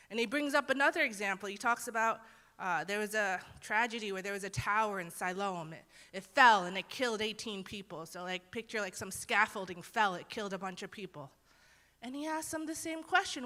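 A woman's voice: mid-range voice, fairly quick, pushed and bright. Earnest woman preaching in a reverberant hall. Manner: earnest, casual, acts out quotes. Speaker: Bible teacher. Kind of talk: conversational sermon.

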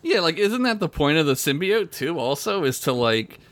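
A man's voice: a little high, sing-song, moderate pace, fairly bright tone, no room sound. A man co-hosting a podcast in casual, crude, joking chat who laughs often.

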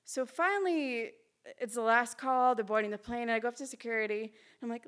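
A woman telling a personal story at a live storytelling event, chatty, lively and self-mocking, on a stage mic in a small hall. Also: on the high side, fairly quick.

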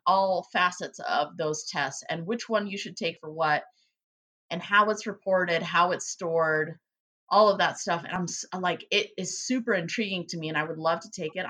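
A woman in casual conversation, swearing freely and throwing herself into her stories. She acts out the other people's lines with lively shifts in her voice. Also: lowish voice. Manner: animated, profane storyteller who acts out quotes. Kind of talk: casual chat.

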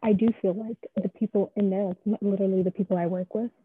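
This late-teen interviewee speaks fast in a breathy, mid-range voice that barely moves in pitch. She rambles through a casual chat, leaning on fillers and poking fun at herself, all heard through a dry, tinny line like a phone.

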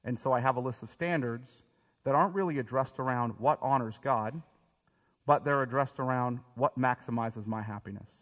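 A male pastor delivers a sermon in an emphatic, direct manner, doubling back on his words as he pushes each point home. His voice sits at an ordinary middle pitch. It rings out with a long reverb through a large church space. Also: a bit bright, dull audio. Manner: emphatic, direct preaching with quick repeated restarts. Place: church sanctuary.

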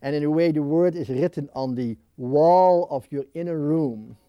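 A man speaking as an interview guest, talking reflectively and expressively at his home, full of restarts and quick bursts. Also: fairly high pitch, smooth, dry recording, lo-fi sound. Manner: animated and expressive, with many restarts. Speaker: interview guest, spiritual writer. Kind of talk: reflective interview talk on prayer. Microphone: filmed interview mic.

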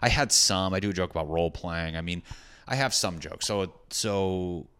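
Young man, stand-up comic, very low voice, loose profane rambling story. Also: moderate pace, fairly bright tone, clear, resonant tone. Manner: profane, rambling, self-deprecating. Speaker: stand-up comedian. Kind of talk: casual storytelling monologue.

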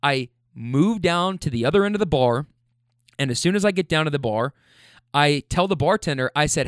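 A man's voice: fairly high pitch, expressive, normal speed, no echo, clean studio sound. A young man animatedly retelling a bar confrontation in a casual, profane monologue, full of restarts and heated quoted lines. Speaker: storyteller.

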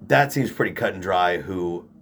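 A man's voice: sits low, animated, normal speed, fairly bright tone, a little hiss or hum. A man co-hosting a podcast, talking in loose, crude, joking banter. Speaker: podcast co-host.

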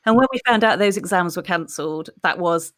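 A woman's voice: on the low side, a little fast, fairly bright tone. A woman in her forties, talking reflectively and candidly in a podcast conversation.

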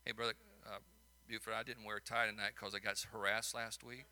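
A man's voice: fairly low pitch, little pitch movement, fairly quick, sharp tone, clean tone. A man with a Chicago accent, a minister preaching a sermon and telling stories, building to emphatic peaks between folksy asides.

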